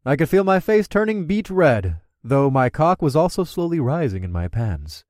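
A man narrating a first-person audiobook in a steady, wry way. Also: a little high, normal speed, no echo, studio quality.

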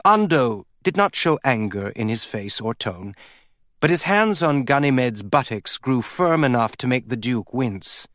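A man narrates a scripted audiobook in a measured, even storytelling manner, his mid-range voice captured in a dry, studio-quality recording.

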